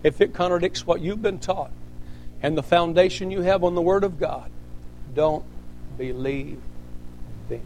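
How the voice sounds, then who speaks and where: Pastor guy preaching, high-pitched voice, keeps tossing in amen and praise god. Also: a little slow, long pauses, a little mellow, a little hiss or hum. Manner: emphatic preaching with frequent amens and praise interjections. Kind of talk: sermon.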